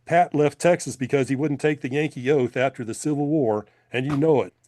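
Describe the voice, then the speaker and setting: A man's voice: mid-range voice, fairly quick, dark tone, voice pushed up, lightly acted. A man reading as a hotheaded giant frontier hero. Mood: heated. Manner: bitter, heated backwoods retorts.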